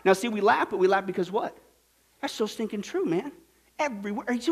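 A man preaching a sermon in a lively, sarcastic way, putting on mocking voices to make his points. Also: sits high, a little fast, husky. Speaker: pastor.

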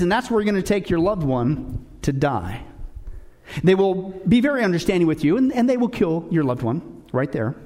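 A man's voice: on the high side, a little mellow, long reverb tail. A man hosting political commentary, urgent and indignant, addressing his audience directly. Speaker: host.

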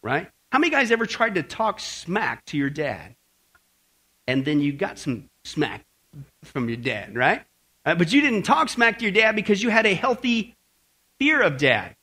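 A man with a fairly high, husky voice leads a Bible lesson. His pitch swings widely as he talks, and he keeps asking his listeners "okay?" and "right?". He drops in slang and jokes in a casual, conversational preaching manner. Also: very animated, normal speed, bright, forceful tone. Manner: jokey, uses slang. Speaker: Bible teacher. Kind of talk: sermon-style Bible lesson to a group.

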